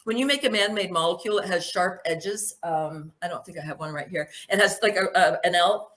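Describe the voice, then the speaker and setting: A woman's voice: lowish voice, a little fast, a bit bright, a little hiss or hum. A woman giving a spoken presentation, emphatic and full of rhetorical questions.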